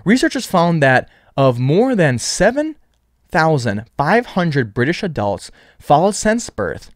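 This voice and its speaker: A man's voice: fairly high pitch, no room sound, studio quality. A man hosting a solo podcast, rambling with frequent restarts and repeated words. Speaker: podcast host.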